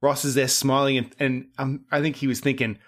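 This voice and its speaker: A man's voice: mid-range voice, flat delivery, brisk. Chatty man laughing through a movie chat. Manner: laughs often, tells theories with mock quotes. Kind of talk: casual podcast chat about movies.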